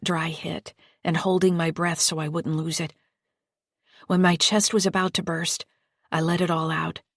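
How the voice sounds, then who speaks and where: A woman narrating a first-person psychological thriller audiobook in a steady, tense storytelling manner. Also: deep voice, breathy edge, no echo, studio quality.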